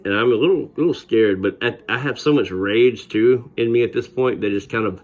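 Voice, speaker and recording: A man's voice: mid-range voice, brisk, darkish tone. Middle-aged male storyteller, easygoing and wry, mid-range voice. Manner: wry, conversational, laughs while telling. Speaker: vlogger. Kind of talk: personal storytelling.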